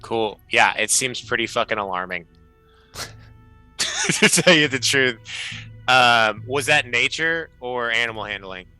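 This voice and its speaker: A man narrating a tabletop game as game master, with relaxed, lively storytelling. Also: medium pitch, a little slow, clean tone, no echo, soft background music, rough recording.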